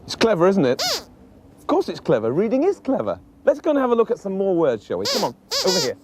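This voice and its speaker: A man's voice: high voice, quick pace, noisy background. A man with a British accent presenting a children's show, talking playfully and patiently to a puppet. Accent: British English. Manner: animated, teasing, patient.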